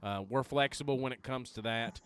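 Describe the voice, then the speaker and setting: A man's voice: mid-range voice, fairly quick, a bit bright, clean tone. Easygoing rambling man. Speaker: podcast co-host. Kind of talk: casual chat.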